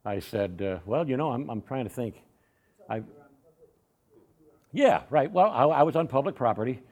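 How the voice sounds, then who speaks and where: Animated older man telling stories. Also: medium pitch, a little fast. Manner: folksy, animated storyteller with frequent restarts. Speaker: Sunday school speaker. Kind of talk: storytelling testimony in a church class.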